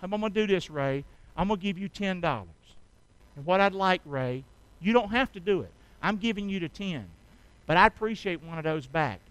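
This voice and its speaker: A middle-aged pastor, preaching a sermon with call-and-response that swings from soft to loud. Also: male voice, high-pitched, clean tone, rough recording.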